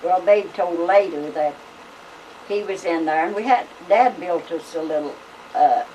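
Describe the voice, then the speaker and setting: Older country lady rambling thru old family stories, lowish voice, taped on a home camcorder from across the room. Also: a little slow, warm tone. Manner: folksy, rambling, with many fillers. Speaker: family storyteller. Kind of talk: casual storytelling. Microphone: camcorder microphone. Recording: home video camera from a distance, faint hiss.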